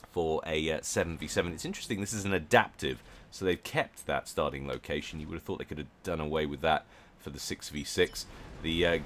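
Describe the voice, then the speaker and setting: A man's voice: sits low, fairly bright tone, a little hiss or hum. A man giving casual, jokey commentary on a strategy game match, chatty and often correcting himself. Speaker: game caster.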